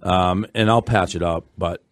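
Podcast host guy, kinda low voice, swears a lot, dry close sound. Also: normal speed, no echo. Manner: blunt, profane, animated storytelling. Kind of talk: casual chat.

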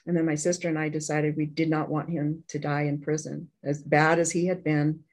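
A woman's voice: deep voice, flat delivery, brisk, darkish tone, poor audio. A woman telling a painful personal story in an interview, candid and earnest, often restarting her sentences. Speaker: interview guest.

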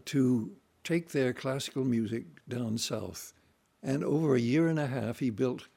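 An older man reminiscing about his childhood in a relaxed, anecdotal storytelling way, now and then acting out voices and sounds. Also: mid-range voice, gravelly. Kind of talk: unscripted reminiscing monologue.

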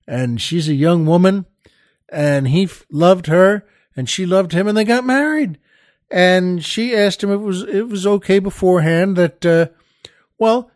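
Brief: folksy male host with a somewhat high voice, chatty joke delivery, dry close sound. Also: a little mellow, no room sound. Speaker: show host.

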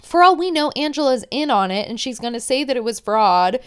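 A young woman recapping a reality show in a casual, opinionated chat, full of "like." Her voice is smooth and clear and sits fairly high. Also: expressive, fairly quick. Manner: chatty, opinionated, many "like" fillers.

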